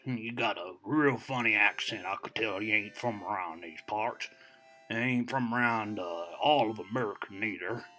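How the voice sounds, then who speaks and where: A man's voice: fairly low pitch, normal speed, bright, forceful tone, soft background music. A man playing a very old, boastful American storyteller who rambles and digresses in a folksy way, full of "you know" fillers. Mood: rambling. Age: over 60. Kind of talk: comedic character monologue.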